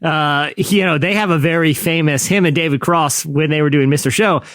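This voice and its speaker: A man co-hosting a podcast in casual chat, animated and acting out sketches in loud put-on voices. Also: fairly high pitch, a little fast, no echo, clean studio sound. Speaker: podcast co-host.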